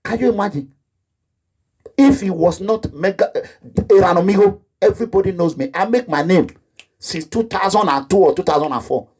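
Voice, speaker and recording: This is a Nigerian man with a Nigerian accent delivering a rambling, impassioned monologue. His voice sits high for a man and has a slightly husky edge. He keeps slipping into the voices of the people he describes, sounding indignant throughout. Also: moderate pace, a little mellow. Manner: rambling, indignant, breaks into laughter and acts out quoted voices. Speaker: activist.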